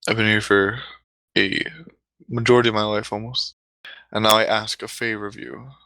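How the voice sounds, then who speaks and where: A man's voice: fairly low pitch, flat delivery, normal speed, sharp tone, dry recording. A man voicing an earnest male monk student who asks his teacher for a favor, spoken plainly in his own voice.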